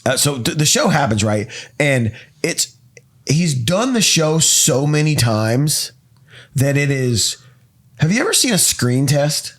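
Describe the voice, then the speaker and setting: Lively, animated male podcast host. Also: a little high. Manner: animated storytelling, swearing, quick asides. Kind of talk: casual chat.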